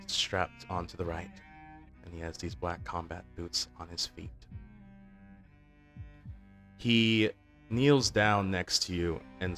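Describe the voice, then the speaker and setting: Low-voiced guy narrating a second-person roleplay, casual, lots of uhs and restarts. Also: a bit bright. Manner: informal, with fillers and restarts.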